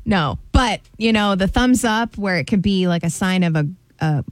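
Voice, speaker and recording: A woman co-hosts a radio show in a chatty, giggly manner. Her voice swings lively up and down and sits dry and close on the studio mic. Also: mid-range voice, normal speed, no echo. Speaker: radio co-host. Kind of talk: casual on-air chat. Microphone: studio microphone.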